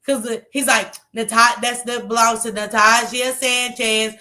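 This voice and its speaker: A woman's voice: fairly high pitch, steady tone, moderate pace, few pauses, bright, forceful tone. A woman telling a story to her live chat in a casual way, laughing often and acting out what other people said.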